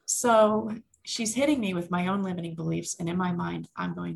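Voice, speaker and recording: A woman, a healer and coach, telling a personal story as a podcast guest, animated and speeding up when excited. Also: lowish voice, vocal fry, a little hiss or hum. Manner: talks fast when excited.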